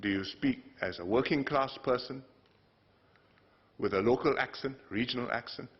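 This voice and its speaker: A man from Singapore, addressing parliament in a formal speech, measured and delivered in short phrases with emphatic rises. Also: mid-range voice. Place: parliament chamber. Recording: dull broadcast audio.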